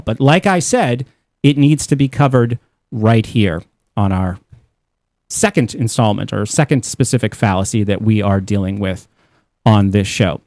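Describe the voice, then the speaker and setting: A man's voice: fairly low pitch, measured pace, dry recording. A man hosting a radio talk show, reading definitions aloud and adding his own asides. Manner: animated, reads quotes aloud with asides. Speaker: host.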